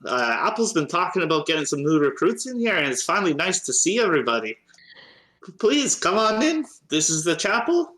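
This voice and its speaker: A woman's voice: fairly low pitch, very animated, a little fast, a bit bright, reverberant, pitched above the performer's own voice. A man doing a bubbly young gnome priestess. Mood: welcoming. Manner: bubbly, doting, chatty. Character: cheery young female gnome cleric.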